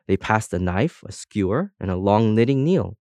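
A man narrating a children's storybook in an expressive storytelling manner. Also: on the low side, normal speed, dry recording. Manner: expressive storytelling, voices each object. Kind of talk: audiobook narration.

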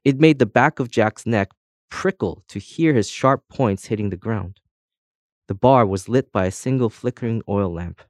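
A man narrating a children's storybook in a steady, scripted reading. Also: fairly low pitch, normal speed, no room sound, studio quality. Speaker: audiobook narrator.

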